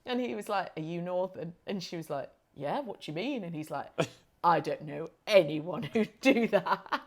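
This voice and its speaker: A woman from the UK co-hosting a relaxed podcast chat. She tells stories, laughs often and keeps the talk light. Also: lowish voice, moderate pace. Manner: chatty storyteller, laughs often. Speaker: podcast co-host. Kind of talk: casual chat.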